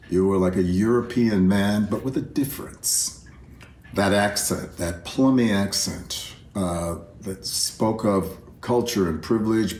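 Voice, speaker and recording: An older man with a very low voice delivers a personal tribute, unhurried and reflective. He speaks straight to his friend. The sound is roomy with a faint hiss behind it. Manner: warm, reflective, addresses friend directly. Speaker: artist giving a video tribute. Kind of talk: heartfelt spoken tribute. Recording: roomy self-recorded video message.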